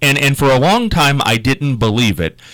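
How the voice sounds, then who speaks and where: A man's voice: mid-range voice, animated, moderate pace, fairly bright tone, dry recording. A man with a Midwestern accent hosting an interview, asking brief, curious questions. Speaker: interview host. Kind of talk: conversational interview.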